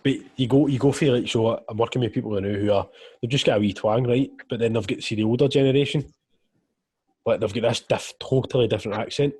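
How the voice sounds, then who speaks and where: Fast-talking husky Scottish man. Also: medium pitch, dark tone, dry recording. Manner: blunt, swears freely. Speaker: podcast co-host. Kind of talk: casual chat.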